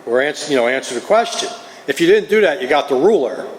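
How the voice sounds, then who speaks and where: A man's voice: a little high, lively intonation, fast talker. Middle-aged New Jersey man, confessional speaker, recorded in an echoey hall with faint background hum. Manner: earnest, confessional storytelling. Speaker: recovery meeting speaker. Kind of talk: personal testimony. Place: meeting hall. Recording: roomy hall, faint ambience.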